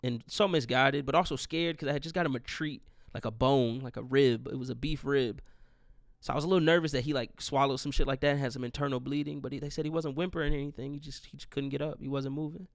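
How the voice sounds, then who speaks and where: Gravelly young man telling a grieving story. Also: mid-range voice, fairly even intonation, quick pace, no echo, clean studio sound. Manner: rambling, profane, grieving storytelling. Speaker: podcast host. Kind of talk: casual monologue.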